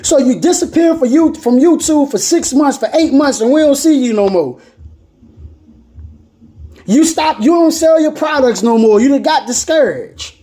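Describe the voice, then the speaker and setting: Lively-voiced woman preaching with fervor. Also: high-pitched, normal speed. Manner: emphatic, repetitive, rising to impassioned peaks; casual slang. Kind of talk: motivational sermon.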